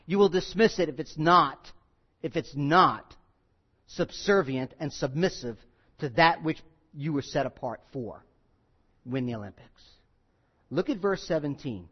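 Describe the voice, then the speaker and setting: A male pastor preaching a sermon, emphatic, repeating key phrases and swinging between loud and quiet. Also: sits high, normal speed, muffled recording.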